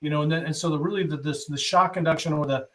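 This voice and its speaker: A man with a fairly high voice hosts a live online hypnosis show over a video call. He thinks aloud, chats casually, and reads out questions from viewers. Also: steady tone, quick pace, a bit bright. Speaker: host hypnotist. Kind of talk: casual live-stream chat.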